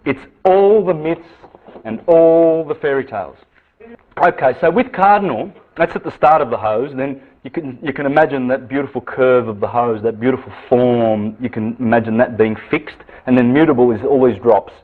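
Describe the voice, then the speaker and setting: Man lecturing over a tinny line. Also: mid-range voice. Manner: animated, rhetorical questions, repeats words. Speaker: esoteric lecturer. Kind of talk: lecture with visual aids. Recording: tinny phone-like lecture recording.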